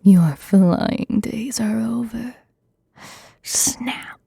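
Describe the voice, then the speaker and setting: A woman's voice: fairly high pitch, very slow, vocal fry, warm tone, slightly rough, heavily acted. A woman voicing a curt, bossy male guard barking orders, in a whispered role-play reading.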